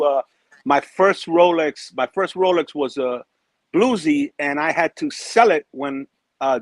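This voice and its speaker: A man talking as a livestream guest, halting and emphatic, repeating his words. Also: fairly high pitch, fairly bright tone, no echo. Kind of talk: casual livestream chat.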